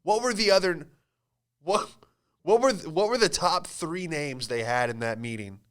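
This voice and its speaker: Male podcast host, smooth clear voice, profane and exasperated storyteller. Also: a little high, animated, normal speed, fairly bright tone. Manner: profane, rambling and exasperated, with frequent laughs. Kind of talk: casual storytelling monologue.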